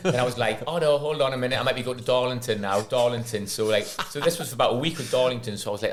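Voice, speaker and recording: A man co-hosting a podcast, quick and playful in casual chat with mates. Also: mid-range voice. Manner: quick banter, jumps into playful impressions. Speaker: podcast co-host, former footballer.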